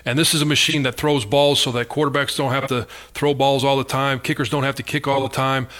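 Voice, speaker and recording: A man's voice: mid-range voice, level tone, brisk, fairly bright tone. A man hosting a sports talk show, upbeat and conversational. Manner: upbeat, conversational, some fillers. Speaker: host.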